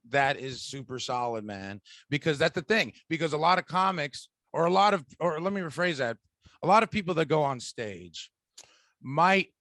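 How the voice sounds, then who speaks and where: A man's voice: mid-range voice, a bit bright, no echo. A man, a stand-up comedian, chatting on a podcast, rambling through long questions with many fillers. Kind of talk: casual podcast chat.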